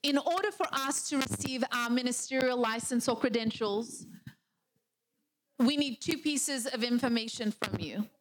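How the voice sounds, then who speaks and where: A woman presenting as a ministry director at a convention, earnest and emphatic, with frequent pauses and fillers. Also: on the high side, rough recording. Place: convention hall.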